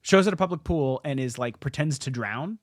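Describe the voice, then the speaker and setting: A young man hosting a casual podcast, retelling old comic stories with lots of "like"s and quick restarts. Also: mid-range voice, no echo, clean studio sound. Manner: animated storyteller, many "like"s and restarts. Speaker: podcast host. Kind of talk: casual comic-history chat.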